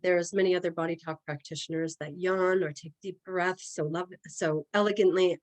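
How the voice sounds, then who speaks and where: A woman speaking from home, leading a live energy healing session in an informal, hesitant way with frequent fillers and pauses. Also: lowish voice, fairly even intonation, darkish tone. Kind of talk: guided healing session talk.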